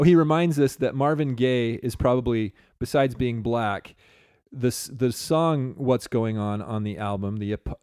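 A man's voice: medium pitch, darkish tone, clean tone, dry recording, studio quality. A man co-hosting a podcast in casual chat, rambling and reading listener comments aloud. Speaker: podcast co-host.

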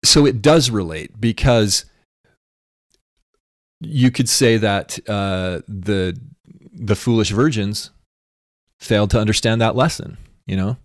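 A man with a low voice works through religious ideas on a podcast, thinking aloud and looping back to check that he is followed. The sound is dry and close, with no room around him. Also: slow, pauses often, dry recording. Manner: musing, thinks aloud with restarts and tag questions. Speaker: podcast co-host. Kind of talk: casual religious discussion.

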